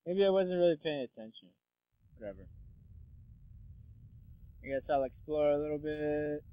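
A man's voice: a little high, expressive, moderate pace, clean tone, no echo. A young man giving casual, rambling gameplay commentary, full of sarcastic asides and swearing. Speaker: let's play commentator. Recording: dull lo-fi dry mic.

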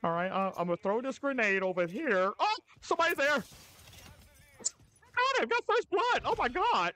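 A man putting on a high, squeaky mock-British voice as a pompous male streaming etiquette gentleman, giggly and flustered while commenting on his game. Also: big pitch swings, moderate pace, full character voice. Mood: playful. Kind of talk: live gameplay commentary in character.

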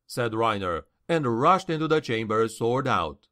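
Man, audiobook narrator, expressive, animated intonation, mid pitch. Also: a little slow.

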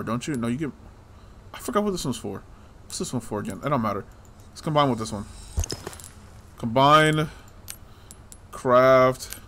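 Man, casual gaming commentary, self-talk, teasing, frequent swearing, average pitch. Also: fairly bright tone, a little hiss or hum. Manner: talks to himself and the game hero, swears often, teasing. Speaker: gameplay streamer.

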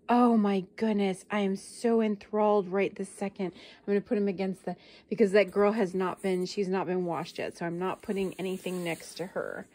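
A woman's voice: mid-range voice, darkish tone. A middle-aged woman vlogging an unboxing, gushing, gasping and laughing as she talks to her viewers. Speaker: doll channel vlogger. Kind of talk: casual unboxing vlog.

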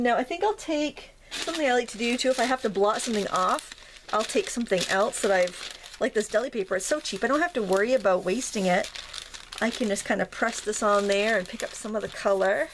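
A woman's voice: a little high, slight background noise. Chatty woman demonstrating crafts. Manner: chatty, rambling, with many fillers and self-corrections. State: slightly out of breath from pressing stamps. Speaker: craft tutorial host.

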